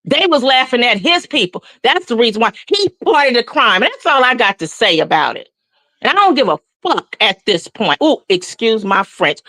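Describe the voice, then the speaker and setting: A woman's voice: fairly high pitch, very animated, normal speed, sharp tone, no room sound. A woman in her forties with a Southern US accent, giving blunt, profane, impassioned commentary as a guest. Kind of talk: heated casual commentary.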